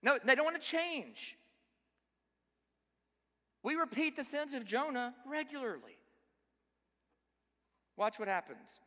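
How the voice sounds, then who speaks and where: A man's voice: very high-pitched, sing-song, takes it slowly, long pauses, sharp tone. A man preaching a sermon, speaking emphatically and often putting rhetorical questions to his listeners. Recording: long reverb of a large hall.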